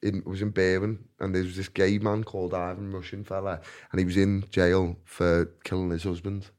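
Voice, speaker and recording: A man's voice: low voice, level tone, a little fast, darkish tone. A man telling stories as a guest in a casual chat, laughing often and often asking "do you know what I mean".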